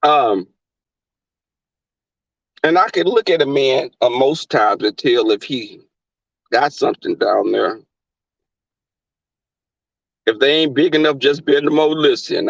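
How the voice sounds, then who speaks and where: A man's voice: medium pitch, no echo, muffled recording. A man with a Southern US accent hosting a livestream, chatting with viewers in a brash, profane, camp manner. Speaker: livestream host. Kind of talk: casual chat with live viewers.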